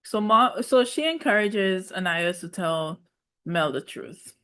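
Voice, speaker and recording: A woman's voice: mid-range voice, lively intonation, takes it slowly, fairly bright tone. A woman in a casual, sassy reality TV recap, with speech and playful, opinionated asides. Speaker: reality show recap host.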